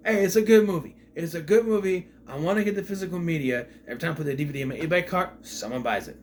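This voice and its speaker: A man delivers a casual, off-the-cuff movie review in a slightly higher-than-usual voice. His pitch leaps around expressively as he recounts scenes in disbelief, peppering the retelling with rhetorical questions. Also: fairly quick, a little hiss or hum. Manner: animated, incredulous retelling with frequent rhetorical questions. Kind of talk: casual spoken film review.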